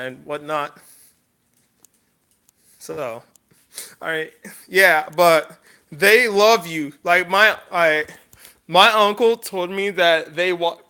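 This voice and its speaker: A man with a high, bright and smooth voice rambles through a casual vlog monologue for his viewers. He sounds emotional, apologizes often and keeps restarting his sentences. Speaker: YouTuber.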